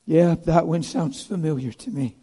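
Brief: male preacher, high voice, animated and emphatic, loud then hushed. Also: moderate pace, husky. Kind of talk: sermon.

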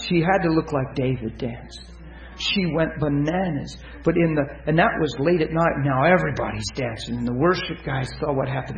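A man preaching, telling stories to his listeners, swinging from loud excitement to hushed tenderness. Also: on the high side, echoey room, rough recording. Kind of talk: sermon storytelling.

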